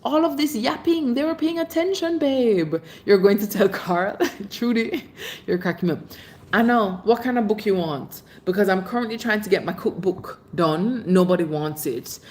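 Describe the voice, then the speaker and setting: A woman's voice: medium pitch, moderate pace, darkish tone. Chatty woman on a livestream. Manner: chatty, affectionate, calls viewers babes. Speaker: livestream host. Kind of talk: casual live chat reading comments.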